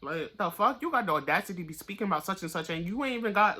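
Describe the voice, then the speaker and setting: Bright-voiced, blunt tarot reader. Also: animated, fast, hardly any pauses, husky. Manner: blunt, profane, pep-talk delivery; gets louder and higher when fired up. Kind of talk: casual tarot reading monologue.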